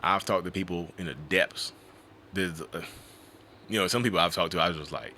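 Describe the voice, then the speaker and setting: Fast-talking, bright-voiced male coach. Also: sits low, a little hiss or hum. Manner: animated storyteller who acts out quoted voices; colloquial, repeats 'you know'. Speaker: narcissism and relationship coach. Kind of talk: casual interview talk.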